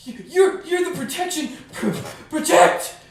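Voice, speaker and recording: A man's voice: high-pitched, very animated, measured pace, creaky, a little mellow, slight background noise, full character voice. A man doing a jittery carriage driver. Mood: panicked. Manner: stammering, quivering when scared. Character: nervous male carriage driver. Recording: echoey room, mic far off.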